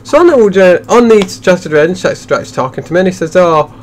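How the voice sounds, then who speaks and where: A man's voice: high-pitched, expressive, fairly quick, a little mellow. A young man hosting a game playthrough, telling a rambling story with many restarts in casual chat. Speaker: let's play host.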